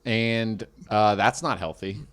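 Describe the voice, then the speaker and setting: A man's voice: lowish voice, slow, fairly bright tone, clear, resonant tone. A man co-hosting a comedy podcast, rambling through stories in casual chat. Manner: rambling storyteller, playful voices.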